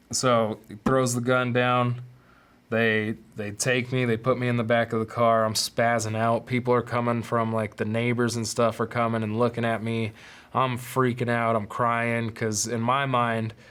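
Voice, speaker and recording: A man's voice: mid-range voice, fairly bright tone. Young male podcast host, candid storyteller, profane, mid-range voice. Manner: candid, profane, acts out quotes in raised voices. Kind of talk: personal storytelling.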